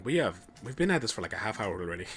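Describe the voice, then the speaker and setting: A man's voice: fairly low pitch, very animated, quick pace, a bit bright, faint music behind. A young man commentating his own gameplay on a live stream, chatty and joking as he thinks aloud. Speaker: game streamer.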